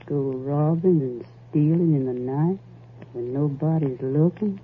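A coarse, greedy young wife in an old radio play, drawling and goading in a husky voice. The broadcast sound is thin and tinny, like an old phone line. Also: female voice, deep voice, unhurried, full character voice. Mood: scheming. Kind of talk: 1940s radio acting.

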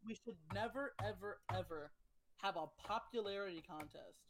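A young adult man co-hosting a podcast, chatting casually, excitable and quick to repeat himself. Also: high voice, background noise. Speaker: podcast co-host.

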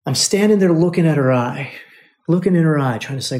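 A man's voice: a little high, expressive, normal speed, darkish tone. A man hosting a podcast, telling a personal story to his listeners in an emotional, repetitive way and calling them brothers. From United States. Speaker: podcast host.

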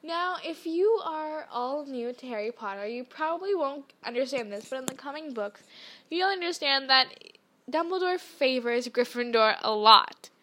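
Woman podcast host, high-pitched, casual chatty delivery with lots of fillers. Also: expressive, unhurried, sharp tone. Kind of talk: casual reaction chat.

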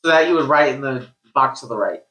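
A man player in casual tabletop game chat, quickly checking and correcting the rules. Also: medium pitch, pushed and bright. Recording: echoey room.

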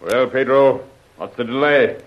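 A man plays a scheming villain on an old radio serial, cold and threatening as his patience runs thin. His voice is mid-pitched, and the sound is dull and boxy, like a vintage broadcast. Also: a little slow, reverberant, soft background music, close to an everyday voice. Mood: menacing. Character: scheming villain, impatient and menacing. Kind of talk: 1940s radio acting. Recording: muffled old radio transcription.

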